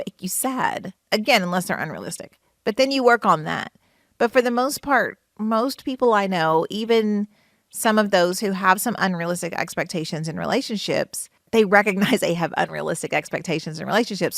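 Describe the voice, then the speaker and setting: A woman's voice: mid-range voice, fairly bright tone, no room sound, studio quality. A woman therapist hosting a podcast, talking in an earnest, emphatic way about relationships and acting out little quoted exchanges. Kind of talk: casual advice talk.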